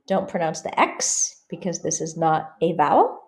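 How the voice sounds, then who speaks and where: A woman teaching a pronunciation lesson, saying example words slowly and clearly and then explaining them in a calm, careful way. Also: on the low side. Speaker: French teacher.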